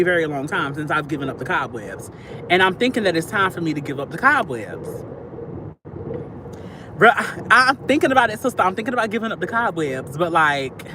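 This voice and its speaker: Picture a woman on a livestream, talking straight to her viewers like they're close friends. Her voice is bright and sharp, and it swings up and down a lot as she gushes and rambles. The chat stays loose and playful the whole way through. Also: on the low side, a little hiss or hum. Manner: gushing, chatty, addresses viewers as "y'all" and "sister".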